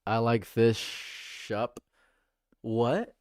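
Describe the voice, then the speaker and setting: A man's voice: mid-range voice, drawn-out words, darkish tone, smooth, no echo. A man streaming casual commentary, joking and chatting as he reads and answers his chat.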